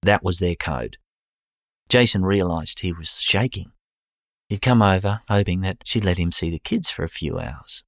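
A very low-pitched man with an Australian accent reading a story aloud in a plain, steady way. His delivery is relaxed and slangy, and the sound is dry and close, with no room around it. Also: moderate pace, creaky, no echo. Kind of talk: audiobook narration.

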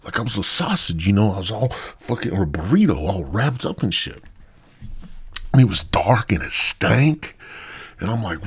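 A man hosting a podcast, telling a crude comic story full of swearing, dropping into hushed whispers and rising to loud outbursts. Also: lowish voice, sing-song, a little slow, creaky, breathy edge. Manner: profane, swings between loud and hushed whispers. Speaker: podcast host.

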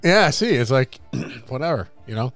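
Animated, playful man co-host. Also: medium pitch, moderate pace, over music. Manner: playful, animated, often laughing. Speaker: podcast co-host. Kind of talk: casual chat.

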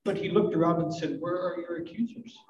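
Gentle older man preaching in a roomy hall. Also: fairly high pitch, steady tone, brisk, slight background noise. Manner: gentle, reflective, with soft asides and light self-deprecating humor. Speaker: pastor. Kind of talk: sermon. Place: church hall at a live service. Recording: roomy, distant, dull live recording.

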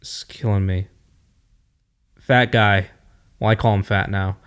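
A man co-hosting a casual chat about fighting, thoughtful and often pausing to find his words. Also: on the low side, fairly even intonation, a bit bright, smooth. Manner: thoughtful, hesitant, searches for words. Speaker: co-host.

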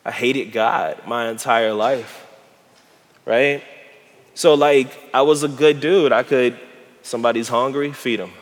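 A man preaching a casual, slangy sermon, animated and laughing often as he retells a Bible passage. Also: mid-range voice, measured pace. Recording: hall reverb.

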